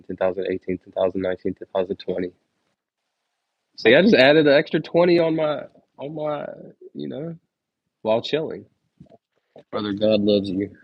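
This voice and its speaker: A young man with a low voice counts numbers aloud on a casual livestream, laid-back and full of slang, chatting with viewers in between. The stream audio is dull, lo-fi and dry, with no room sound.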